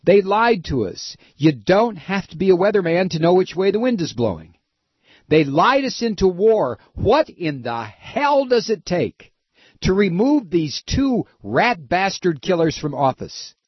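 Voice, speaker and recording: A male talk-radio host tears into his targets with profane, sarcastic outrage. His husky voice sits fairly high and swings widely. The sound is dry and a little dull. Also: very animated, a little slow, no echo. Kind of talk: angry political talk radio.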